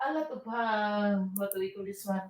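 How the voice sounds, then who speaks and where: A woman's voice: mid-range voice, normal speed. A woman chiming in briefly during a casual home livestream chat, off to the side of the mic. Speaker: host's wife. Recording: echoey, distant from the mic.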